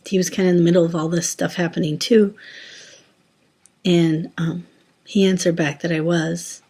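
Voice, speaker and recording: Lower-voiced woman chatting through her faith story, lots of ums and restarts. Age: adult, former teacher. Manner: rambling, many fillers and restarts. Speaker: Christian sharing a testimony. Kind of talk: casual personal testimony.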